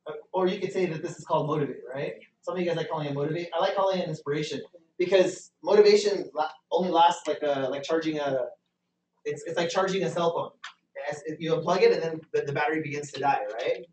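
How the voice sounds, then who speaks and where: A man's voice: fairly high pitch, fast talker, a little mellow, a little hiss or hum. A man leads a motivational business training session in front of a live group. He talks with energy, keeps asking the room questions, and repeats points for emphasis. The sound echoes around the room, and the mic sits some distance from him. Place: meeting room with a live audience.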